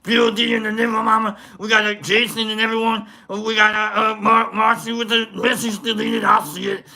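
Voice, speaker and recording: Bright, rambling livestream host. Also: completely flat delivery, fairly quick, creaky. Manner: rambling and goofy, with many fillers and big swings in pitch. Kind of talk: casual live-stream chat with viewer shoutouts.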